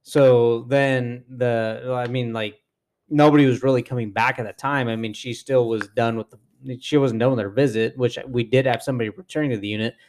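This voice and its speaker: A man's voice: mid-range voice, brisk. A young man co-hosting a casual chat with friends, telling a work story with lots of swearing and acted-out quotes. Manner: profane, animated storyteller acting out quotes. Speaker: podcast co-host.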